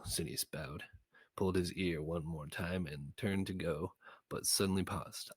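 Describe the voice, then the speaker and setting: A man reads a children's story aloud in a very deep, gravelly voice with a husky edge. The sound is dry and close. He narrates playfully and switches into character voices. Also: steady tone, moderate pace, no echo. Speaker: story reader. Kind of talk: reading a children's novel aloud.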